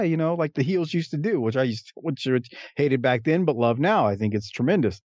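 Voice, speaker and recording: Co-hosting a podcast, a man chats casually about a wrestling match, animatedly acting out the wrestlers' lines in a raised voice. His voice is medium-pitched at a normal speed, and the audio is dull with no echo.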